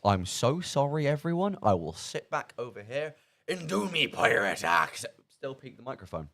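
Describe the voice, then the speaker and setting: A man hosting a charity radio stream, chatting casually with a lively, bouncing voice. He rambles and pokes fun at himself, heard close and dry on a studio microphone. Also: medium pitch, normal speed, no room sound. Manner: rambling, self-mocking, lots of fillers. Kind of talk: casual live radio chat.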